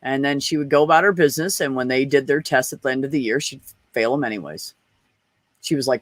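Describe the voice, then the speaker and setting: A man's voice: mid-range voice, brisk, a bit bright, no echo. Blunt, profane trans man telling stories. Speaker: podcast guest. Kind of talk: casual chat.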